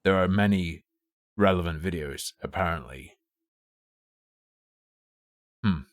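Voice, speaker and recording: A man's voice: low-pitched, moderate pace, dry recording, clean studio sound. A man streaming live, chatting casually and thinking aloud in a rambling, profane way. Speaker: livestreamer.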